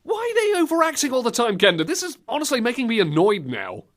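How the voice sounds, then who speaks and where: A man riffing on bad video game acting as the host, animated and prone to giggling while he mocks. His voice is high and leaps up and down with every joke. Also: quick pace. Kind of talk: comedic game commentary.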